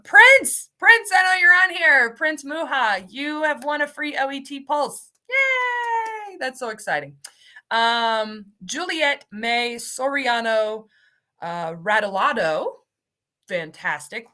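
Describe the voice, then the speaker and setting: A woman's voice: a little high, pushed and bright. A woman hosting a live webinar, upbeat and cheery, calling out giveaway winners and stumbling over their names. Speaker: host, ESL program coordinator.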